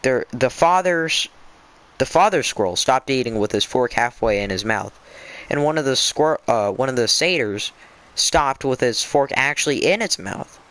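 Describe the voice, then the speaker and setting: A man's voice: mid-range voice, expressive, normal speed, fairly bright tone. A drowsy man on a casual stream, reading a book aloud and chatting, often stumbling over words and restarting. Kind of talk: casual live-stream storytelling.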